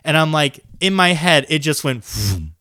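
A young adult man casually telling a story on a podcast, animated and swearing, with laughs breaking in. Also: on the high side, moderate pace, dry recording, clean studio sound.

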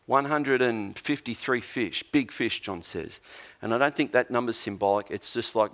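A man's voice: medium pitch, normal speed. A man preaching a sermon as a pastor, telling a Bible story with humour and acting out the lines of its characters. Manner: animated storyteller, acts out quotes.

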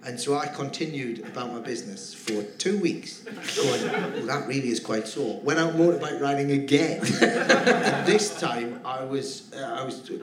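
A man's voice: mid-range voice, animated, normal speed, a crowd in the background. A male comedian guest telling rambling, giggly anecdotes in a live podcast interview. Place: theatre stage with live audience. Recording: roomy theatre, audience laughter.

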